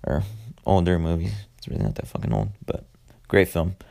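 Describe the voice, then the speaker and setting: A man's voice: deep voice, sing-song, brisk, vocal fry, dark tone. A young man hosting a solo podcast, rambling casually with lots of swearing and filler words. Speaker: podcast host.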